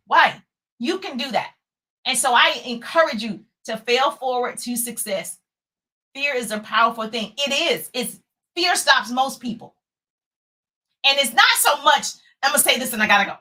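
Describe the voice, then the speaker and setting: Bright, animated motivational coach woman. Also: high-pitched. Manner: animated, chatty, breaks into playful sung bits. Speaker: business coach live-streaming. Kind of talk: motivational live-stream talk.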